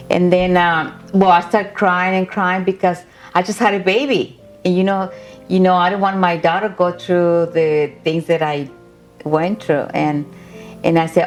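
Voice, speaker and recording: Older woman interviewee, low and even-toned, emotional storytelling. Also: measured pace, soft background music. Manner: emotional retelling with quoted dialogue, plain phrasing. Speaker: interviewee, grandmother. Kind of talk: documentary interview.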